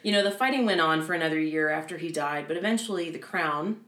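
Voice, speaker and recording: A woman's voice: deep voice, fast, a bit bright. A woman casually retelling a piece of history in a chatty way, full of sarcastic asides and frequent laughs. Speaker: podcast co-host telling history. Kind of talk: casual chat. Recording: echoey room.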